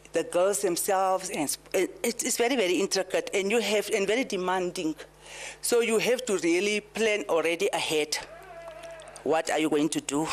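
Namibian woman giving an emphatic speech. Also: deep voice. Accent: Namibian English with Afrikaans and Herero influence. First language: Herero. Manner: emphatic, repeats phrases, laughs at her own jokes. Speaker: pageant organization chief executive. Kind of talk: formal farewell speech with personal asides. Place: event venue before a live audience.

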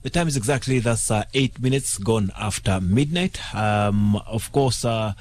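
A male radio host wraps up a late-night talk show. His voice sits a bit low, and he stumbles through his phrases with many fillers and repeated words. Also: a little slow, a little mellow.

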